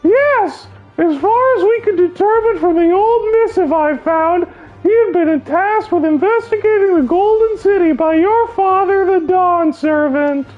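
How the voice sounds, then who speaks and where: A man pitches his voice up high into an excited young woman scholar. She speaks crisply and formally, keen to get to the bottom of things. The sound is a little muffled, with game music under it. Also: a little slow. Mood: eager. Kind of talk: voicing game cutscenes on stream.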